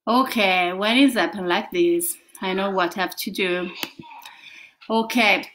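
A woman's voice: medium pitch, unhurried, a bit bright. A woman teaching English to children, acting out emotions with gasps and whispers.

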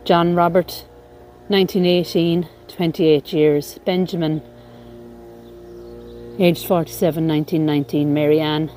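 A woman vlogger giving an unhurried walking-tour commentary outdoors in a graveyard, reading out headstone inscriptions as she goes. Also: low-pitched, fairly even intonation, warm tone, faint music behind.

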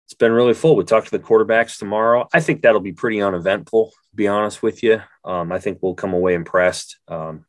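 Low-voiced middle-aged guy doing blunt sports podcast chat, dry close mic. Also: brisk, hardly any pauses, no echo. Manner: blunt, rambling with restarts.

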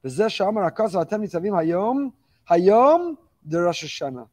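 A man giving a weekly Torah lecture as a rabbi, talking fast and exhorting his listeners with rising passion. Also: high-pitched, sing-song, darkish tone. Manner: fast-talking, admits reading quickly; impassioned, exhorting with rising emphasis.

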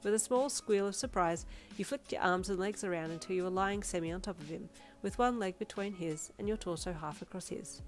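A woman reading her fanfiction aloud as a steady storybook narration. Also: medium pitch, a little fast. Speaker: fanfiction reader. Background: background music.

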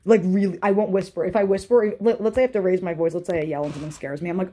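A woman co-hosting a casual chat, bubbly and quick to laugh, sometimes slipping into a joking valley-girl voice. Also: medium pitch, warm tone. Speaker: podcast co-host.

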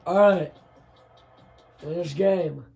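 A young man with a hoarse, worn voice, casually commentating his football video game and shouting at big plays. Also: fairly high pitch, takes it slowly, dull audio, faint music behind. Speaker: gaming channel host.

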